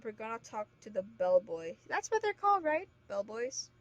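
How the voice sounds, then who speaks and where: A woman's voice: on the high side, very animated, normal speed. A woman streaming a game, chatting casually and laughing often. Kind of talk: casual let's-play chat. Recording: faint background noise, lo-fi stream mic.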